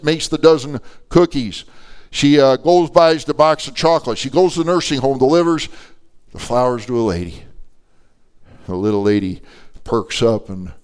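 An older man preaching a sermon to an adult Bible class, telling stories in an animated, emphatic way. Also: a little high, clean tone.

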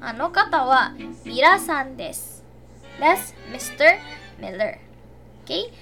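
A woman's voice: high-pitched, sing-song, unhurried, gravelly, pushed and bright, faint music behind. A young Filipino woman teaching a Japanese lesson, explaining patiently and slipping Tagalog into her English. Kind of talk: online class lesson.

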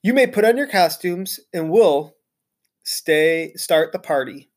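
A man voicing a strict, composed woman schoolteacher in a storybook read-aloud, calm and firm. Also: fairly high pitch, slow pace.

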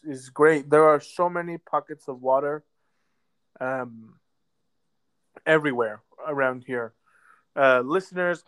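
A man co-hosting a casual podcast, laid-back and drawn-out, with many ums. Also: medium pitch. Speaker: podcast co-host. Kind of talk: casual chat. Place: lives in a southern US metro area.

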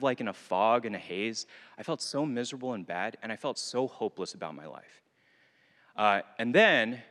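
A young adult man giving a sermon at a retreat, telling a personal story with lively asides to the listeners. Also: mid-range voice. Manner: animated storytelling with asides to the audience. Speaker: retreat speaker. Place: hall at a retreat. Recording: long hall reverb.

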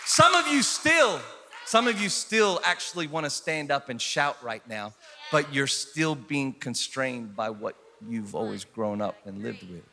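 A man in his thirties preaching a conversational sermon as pastor, telling stories and rising into loud, excited preaching. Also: mid-range voice, measured pace, vocal fry, big-room sound, some chatter behind, slight background noise. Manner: conversational, building to shouted preaching.

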